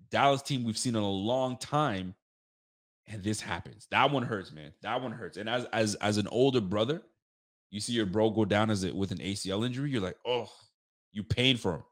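A man hosting a sports podcast, giving casual football picks and venting animatedly, swearing and talking straight to his listeners. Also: on the low side.

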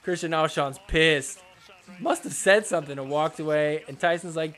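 Sarcastic man with a high voice. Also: normal speed, fairly bright tone. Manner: sarcastic, jokey, voices players' imagined thoughts. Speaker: podcast host. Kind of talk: casual sports recap commentary.

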